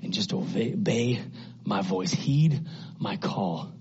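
A man preaches with fervor, moving between quiet pleading and high, ringing appeals. His voice is a little husky. The recording is dull and lo-fi, like an old church tape. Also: animated, slow. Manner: impassioned, swinging from hushed to loud and high. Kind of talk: sermon.

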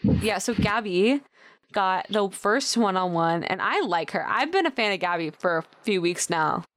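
A young woman co-hosting a podcast, talking in loose casual chat with quick asides and frequent laughs. Her voice sits at a middle pitch and comes across dry and close, with no room around it. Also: animated, fairly bright tone, dry recording. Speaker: podcast co-host.

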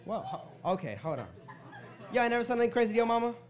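In a church sanctuary, a young US preacher of Hispanic family speaks in a very high-pitched, very animated voice at a quick pace. His sermon blends prayer with slangy, conversational stories, and he jokes around and hypes up the crowd.

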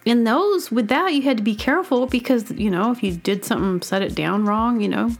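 A woman's voice: on the high side, fairly quick. A woman hosting a show, talking in a casual, meandering monologue full of fillers and silly asides. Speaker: host.

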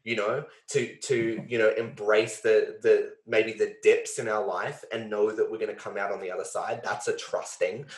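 Lowish and flat in delivery, his voice moves at a moderate pace with few pauses. He hosts a podcast, reflecting in earnest, heartfelt conversation full of fillers and an occasional swear, recorded with a roomy echo.

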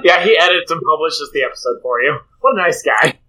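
A man co-hosting a casual podcast, animated as he builds comic scenarios. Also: a little high, brisk, a little hiss or hum, rough recording. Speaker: podcast co-host. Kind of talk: casual chat.

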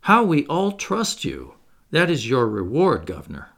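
A man's voice: medium pitch, huge pitch swings, a little slow, creaky, a bit bright, full character voice. A man reading aloud, voicing a young noblewoman who speaks with earnest, pleading tenderness. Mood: tender.

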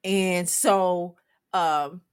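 An older woman, a former coach, telling a lively story on a talk show, laughing often and acting out the people she quotes. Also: fairly low pitch, drawn-out words, clean tone. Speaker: guest, former women's basketball coach.

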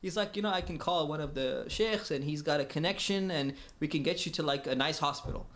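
Man from the US, casual storyteller, lively, acts out the dialogue, slightly high voice. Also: a little fast. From United States. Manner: animated, laughs often, acts out dialogue.

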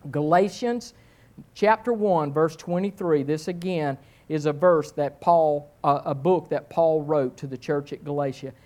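Animated storytelling male preacher. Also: measured pace. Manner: animated storytelling with swings in pitch; self-mocking humor. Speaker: pastor. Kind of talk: sermon.

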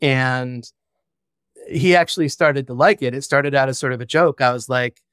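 A podcast guest, a founder and father, talks frankly and reflectively in a candid interview, swearing casually. His medium-pitched voice is steady and fairly bright, moving at a moderate pace. The recording is clean studio sound with no echo.

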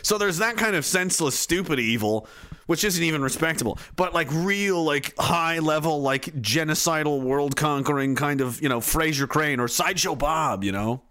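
A man ranting in a profane comedic style, excitable and mocking as he swears his way through the bit. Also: fairly high pitch, normal speed.

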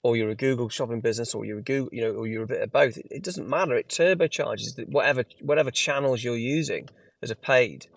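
A man's voice: medium pitch, quick pace, gravelly, no room sound. A man co-hosting a business podcast, explaining ideas casually and restarting phrases as he thinks. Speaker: podcast co-host.

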